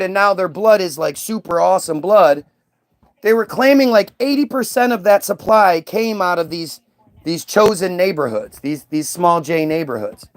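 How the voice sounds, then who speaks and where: A male commentator rants through a casual reaction video, his voice sitting high for a man. His tone is sarcastic and scornful as he talks over what he is watching. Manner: ranting, sarcastic.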